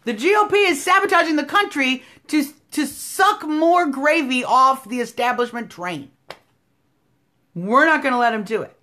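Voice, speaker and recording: A woman in her thirties with an American accent, hosting a live stream and delivering opinionated commentary, combative and sarcastic, swinging from loud outbursts to low asides. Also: expressive, normal speed. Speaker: political live-stream host. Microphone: phone live stream.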